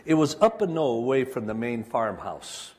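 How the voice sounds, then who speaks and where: A man's voice: medium pitch, very animated, moderate pace, a little mellow. An older man from Michigan giving an earnest personal testimony to a live audience, speaking straight to them. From Michigan, USA. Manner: earnest, addresses the audience directly. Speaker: speaker telling his life story. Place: room with an audience.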